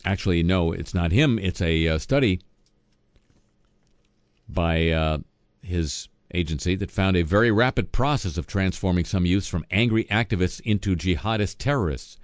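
A man's voice: deep voice, normal speed, no room sound. A man reading satirical news as host, dropping sardonic, wisecracking asides between items.

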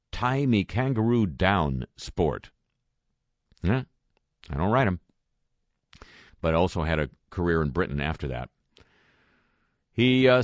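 A man's voice: sits low, no echo. A man reading a news roundup with dry, sarcastic asides between quoted statements. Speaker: radio news commentator. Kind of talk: wry spoken news roundup.

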